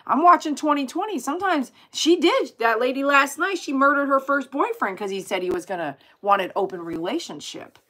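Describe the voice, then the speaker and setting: A woman chatting casually with viewers on her livestream, animated and exclaiming as she reads comments aloud. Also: sits high, fairly quick, hardly any pauses. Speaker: dog groomer hosting a livestream.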